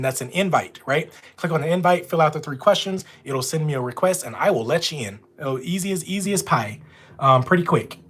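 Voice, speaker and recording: A man with a Louisiana accent, chatting casually with viewers on a live stream from home. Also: on the high side. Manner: chatty, talks straight to viewers. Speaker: notary running a live stream. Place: at home with dogs nearby.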